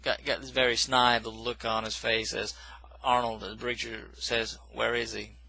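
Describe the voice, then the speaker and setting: A man's voice: mid-range voice, little pitch movement, moderate pace, sharp tone, slight background noise, poor audio. A man casually recapping a film plot in a rambling, self-correcting way, with dismissive asides. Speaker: movie reviewer.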